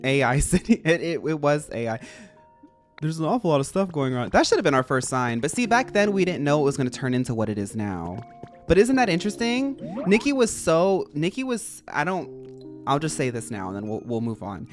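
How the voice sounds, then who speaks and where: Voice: medium pitch, big pitch swings, a little fast, soft background music. A streamer chatting casually while playing a game, rambling and full of filler words. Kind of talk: casual gameplay chat.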